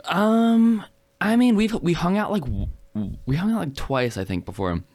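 A man's voice: high voice, lively intonation, moderate pace, darkish tone. A man from the United States, a touring musician, talking modestly and hesitantly with many fillers in a casual chat.

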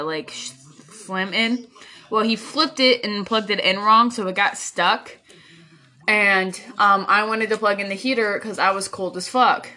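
A woman talks on her own podcast in a loose, rambling way, cursing casually and breaking into laughs. Her voice is bright and forward, sitting in a middle register. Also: medium pitch. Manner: rambling, chatty, swears casually, laughs often. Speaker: podcast host. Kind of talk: casual solo podcast chat. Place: cold bedroom at home. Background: puppies crying.

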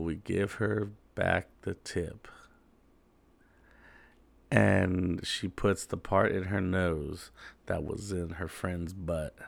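A man's voice: on the low side, creaky, no echo. A man hosting, telling rambling stories in a laid-back, slangy, casual way. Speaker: host. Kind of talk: casual storytelling monologue.

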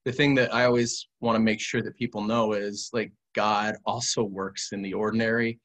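Low-voiced man telling an earnest story. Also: normal speed. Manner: earnest, animated retelling with quoted dialogue. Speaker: podcast guest. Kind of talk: casual storytelling in an interview.

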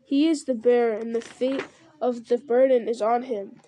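A woman voicing a solemn, measured ranger leader in a read-aloud story. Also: on the high side, fairly even intonation, dark tone, slight background noise, natural voice. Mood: grave. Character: grave noble male ranger leader.

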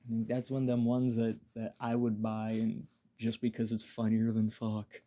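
A man talks alone into his podcast mic while high, with a dark, mellow tone. He rambles along in a laid-back drift, stumbling over restarts and cursing freely. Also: monotone, normal speed. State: high on weed. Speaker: podcast host. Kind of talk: casual solo podcast monologue.

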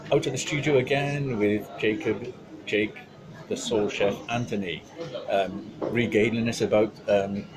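Teasing podcast host, crowd behind. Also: male voice, mid-range voice, low-quality recording. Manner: teasing, laughs often. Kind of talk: casual chat.

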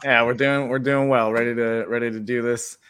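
Relaxed man chatting on a call. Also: medium pitch, a little fast, clean tone. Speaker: contestant. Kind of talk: casual chat.

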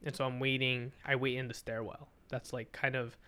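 A man's voice: medium pitch, flat delivery, moderate pace, bright, forceful tone, clear, resonant tone. A young man, a podcast guest, telling a story in casual chat, swearing often and acting out dialogue.

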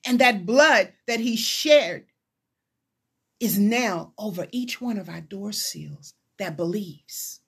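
A woman's voice: medium pitch, breathy edge. A woman chaplain preaching a sermon, retelling scripture and acting out the voices of the people in it. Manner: retelling scripture with dramatized voices, rising to excited pleas.

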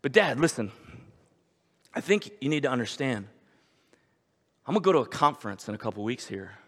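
A man's voice: mid-range voice, very animated, fairly quick, fairly bright tone, big-room sound, voice pushed down. A man voicing an earnest, evasive teenage daughter who keeps explaining instead of cleaning her room, with a self-justifying ramble, in a sermon.

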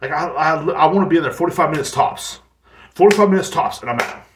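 Here the podcast host talks fast in a fairly high, fairly bright voice. It's a casual solo rant, blunt and profane, packed with fillers and restarts, recorded in an echoey room.

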